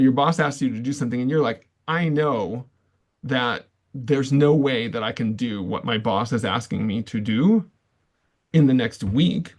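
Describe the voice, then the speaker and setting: A man leading a management training workshop, telling anecdotes conversationally and acting out the quoted dialogue with many fillers and restarts. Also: mid-range voice. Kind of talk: live online workshop talk.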